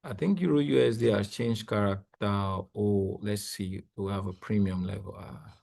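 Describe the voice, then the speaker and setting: A young man, coaching traders live while sharing his screen, talking in an excitable, exclamatory, rambling way with lots of repeats. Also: on the low side, moderate pace, creaky. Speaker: trading coach. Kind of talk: live screen-share trading analysis.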